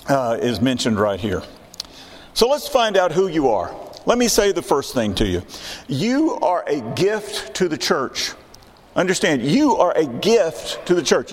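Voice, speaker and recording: A man's voice: a little high, in a large hall. A man in his sixties preaching a sermon in a church, emphatic and repeating his key questions. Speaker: pastor. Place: church sanctuary.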